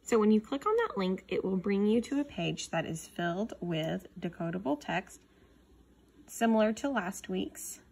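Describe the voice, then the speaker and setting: A woman teacher at home in her living room, explaining a reading activity to parents and reading short texts aloud very slowly and clearly. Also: medium pitch, very animated, a little mellow. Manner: reads story text very slowly and clearly, sounding out words.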